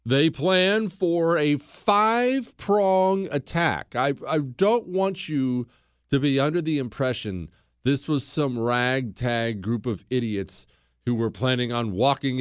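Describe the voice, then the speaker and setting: A man's voice: mid-range voice, no room sound, clean studio sound. A man hosting a podcast, telling history in a blunt, opinionated way, mocking people and acting out quotes. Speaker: podcast host.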